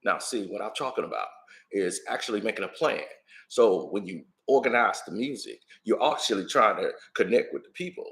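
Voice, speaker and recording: A man doing an impression of a middle-aged male music star, rambling in low, mumbled street slang. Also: animated, fairly quick, vocal fry, fairly bright tone. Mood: laid-back.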